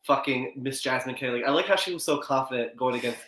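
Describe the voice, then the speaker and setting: A man's voice: mid-range voice, fast talker, a bit bright. Playful joking podcast co-host man. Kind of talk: casual chat.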